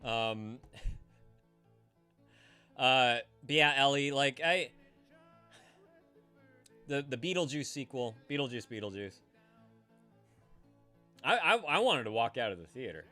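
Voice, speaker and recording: A man's voice: mid-range voice, expressive, takes it slowly, pauses often, bright, forceful tone, faint music behind. A man hosting a casual live-stream call-in show, rambling and profane, stammering and restarting as he chats with viewers.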